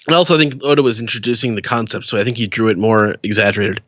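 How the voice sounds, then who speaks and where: A man co-hosting a podcast, chiming in with short comments and halting restarts in casual chat. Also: fairly low pitch, fairly bright tone, no room sound, muffled recording. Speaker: podcast co-host.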